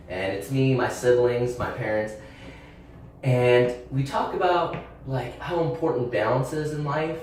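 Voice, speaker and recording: A man's voice: medium pitch, a little slow. A young man hosting his channel, telling a personal story in a candid, rambling way with fillers and restarts. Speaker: channel host. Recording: very echoey room, voice a bit distant, faint background hiss.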